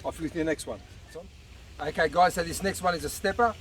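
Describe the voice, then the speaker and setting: A man's voice: a little high, brisk. A man, coaching viewers through an outdoor workout while slightly out of breath, encouraging as he exercises. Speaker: fitness coach. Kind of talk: casual workout demonstration. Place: outdoor beach park. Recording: distant outdoor mic with traffic noise.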